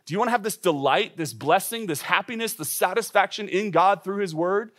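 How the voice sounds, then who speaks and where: A man's voice: high voice, fairly bright tone. A man giving a sermon as a pastor. He speaks with urgency, asks the listeners direct questions and often restarts his words. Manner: earnest, urgent preaching with frequent quick restarts. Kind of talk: sermon to young adults.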